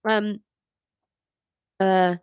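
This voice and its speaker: A woman's voice: medium pitch, level tone, drawn-out words, clear, resonant tone, no echo. Sex: woman. Role: podcast host. Style: improvised comic story reading. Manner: chatty, self-mocking. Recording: dry, close.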